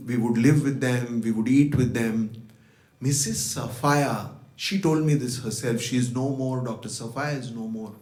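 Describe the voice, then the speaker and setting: A man's voice: medium pitch, darkish tone, roomy sound. A man giving a devotional talk, reflectively telling personal stories and acting out the dialogue he remembers. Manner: reflective, retells events with quoted dialogue. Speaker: guest speaker at a devotional birthday program. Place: devotional center hall.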